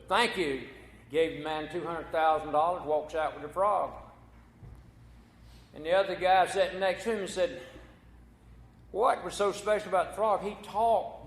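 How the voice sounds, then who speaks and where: A man preaching a folksy sermon as pastor, telling a corny joke before turning to scripture. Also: sits high. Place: church sanctuary. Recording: echoey church hall.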